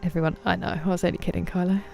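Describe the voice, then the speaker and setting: A woman's voice: on the low side, flat delivery, very fast, gravelly, a little mellow. A young woman streaming a game, chatting playfully and greeting viewers by name. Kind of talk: casual live-stream chat while gaming. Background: faint game music.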